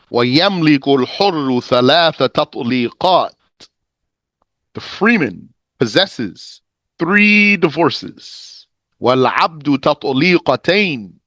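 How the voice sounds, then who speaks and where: A man teaching a lesson on a legal text, reading passages briskly, translating them slowly and quizzing his students in a conversational manner. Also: medium pitch, dry recording. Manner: lively, explanatory, conversational. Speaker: teacher of Islamic law.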